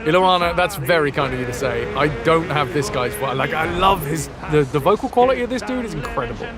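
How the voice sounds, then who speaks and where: A man with a high, lively voice that jumps around a lot, chatting loosely and joking with viewers while he plays a game. His talk wanders playfully from one aside to the next, and game music plays clearly behind him. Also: fast. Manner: playful, rambling, answering chat. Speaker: game streamer. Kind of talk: casual live-stream chat while gaming.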